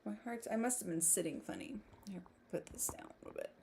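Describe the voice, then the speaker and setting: A woman's voice: mid-range voice, quick pace, a little mellow, slight background noise. A woman hosting a casual writing livestream, chatting, laughing often and reading viewer comments aloud. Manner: giggly, reads chat aloud. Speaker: livestream host.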